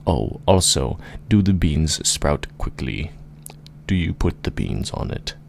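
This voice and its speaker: A man voicing a polite, eager male hobbit in an improvised fantasy story, in a slightly raised, drawn-out voice. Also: rumbling low, sing-song, vocal fry, darkish tone, a little hiss or hum, heavily acted.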